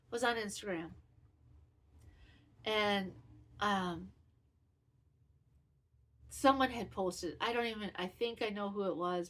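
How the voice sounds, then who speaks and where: On her knitting podcast, a woman in her fifties chats casually and personally in a mid-range, fairly bright voice, rambling candidly and criticizing herself.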